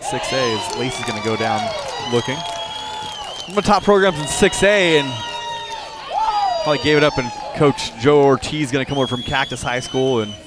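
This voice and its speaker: Brief: male color commentator, relaxed and rambling, at an outdoor ballpark, music playing behind. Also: mid-range voice. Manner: relaxed, rambling analysis with restarts. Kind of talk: live high school baseball commentary.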